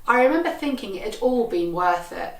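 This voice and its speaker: A woman comedian with a wry, deadpan delivery, telling a funny personal story. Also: medium pitch, fairly quick. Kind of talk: comic storytelling performance. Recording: echoey, from a distant mic.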